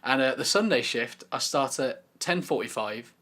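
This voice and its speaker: A man's voice: medium pitch, lively intonation, normal speed, a bit bright. A young man co-hosting a music podcast, chatting casually with dry, sarcastic asides. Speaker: podcast co-host. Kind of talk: casual chat.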